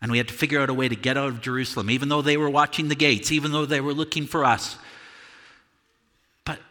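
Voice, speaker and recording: A man performing a first-person monologue as the Apostle Peter, earnest and confessional, halting over repeated words. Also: mid-range voice, steady tone, pushed and bright, big-room sound, lightly acted. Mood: despondent. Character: Apostle Peter, a remorseful fisherman recounting his denial. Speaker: dramatic monologue performer at a church service. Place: church sanctuary.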